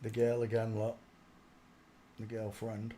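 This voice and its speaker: A man hosting a casual livestream, commenting while he searches through images, often muttering quietly to himself and breaking into loud laughing outbursts. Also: on the low side, completely flat delivery, slow pace, a little hiss or hum. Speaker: livestream host.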